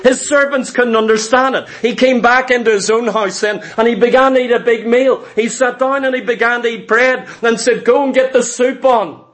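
A man delivering a fervent sermon with a notably high voice for a man. He tells scripture stories with drama, slipping into voices for the people he quotes. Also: fairly even intonation, normal speed, few pauses, fairly bright tone. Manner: dramatic storytelling preacher, acting out quoted voices. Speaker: preacher.

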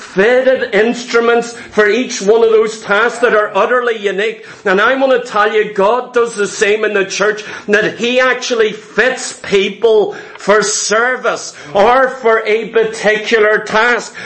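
A man's voice: sits high, a bit bright, echoey room, rough recording. A man preaching a sermon in an emphatic, repetitive cadence, addressing his congregation directly.

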